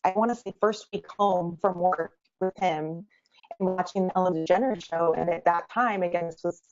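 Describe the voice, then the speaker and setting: A woman in her thirties, a guest entrepreneur telling her story in an interview, animated and quick. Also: lowish voice. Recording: dull lo-fi sound.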